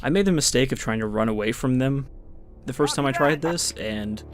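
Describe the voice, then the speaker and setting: A man giving casual, relaxed commentary while he plays and explains a strategy game, in an offhand, explanatory way. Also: mid-range voice, fairly quick, slight background noise. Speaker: gaming video host. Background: game music and unit sounds.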